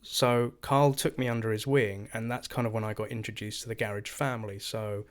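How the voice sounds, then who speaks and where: An English man in his thirties, appearing as a guest in a casual interview, tells stories from his past and animatedly acts out the voices of the people in them. He speaks a little fast in a lowish voice.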